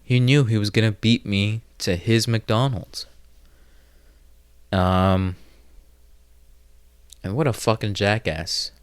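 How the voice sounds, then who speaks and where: A man's voice: on the low side, takes it slowly, pauses often, clean tone, no room sound. A man hosting a solo podcast, telling a rambling, profane story full of fillers and restarts. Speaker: podcast host. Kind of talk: casual solo podcast monologue.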